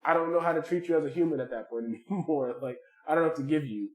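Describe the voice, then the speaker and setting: A man's voice: fairly high pitch, fast talker. A man telling a bar story in casual podcast chat, swearing and mimicking his coworkers. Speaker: podcast co-host. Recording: echoey room.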